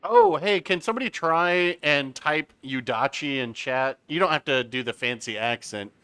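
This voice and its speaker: A man commentates his own live gameplay in a loose, chatty way. His voice sounds bright and forward, and his pitch sits in a mid range. He breaks off often to read out chat messages and reply to them. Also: moderate pace, clear, resonant tone, no echo. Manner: chatty, reads out chat, explains game mechanics. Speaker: game streamer. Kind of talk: casual live-stream commentary.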